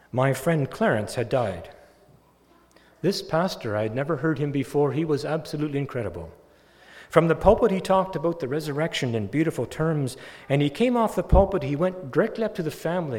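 A man preaching a sermon, telling a story with rising, emphatic peaks. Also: medium pitch. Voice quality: animated, building to loud emphatic peaks. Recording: long hall reverb.

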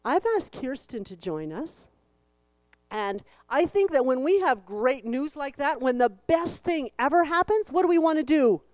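A woman's voice: high voice, measured pace, no room sound. A woman telling a Bible story to children at church, acting out the voices and leading a song. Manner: expressive, acts out the voices, leads the group in song.

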